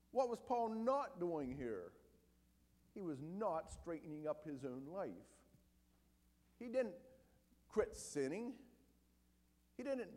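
Man, preacher, emphatic sermon delivery, animated pitch, long hall echo. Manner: emphatic, rises loud then drops very low and quiet.

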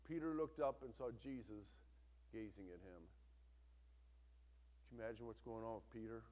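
A man preaching a sermon, swinging between loud, intense retelling and hushed, quiet emphasis. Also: fairly low pitch, animated, moderate pace, long pauses. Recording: long hall reverb.

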